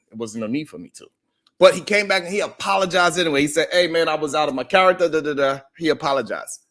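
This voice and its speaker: A man hosting a live stream tells a long story in a high voice with a wide, swooping range. He acts out the voices of the people in it and breaks off to greet viewers in his chat by name. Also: a bit bright. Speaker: live stream show host. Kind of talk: animated live stream monologue.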